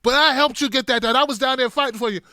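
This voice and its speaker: A man impersonating a flustered elderly male politician who stammers and rambles, then yells. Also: high-pitched, brisk, gravelly, clean tone, no room sound, clean studio sound. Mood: angry yelling.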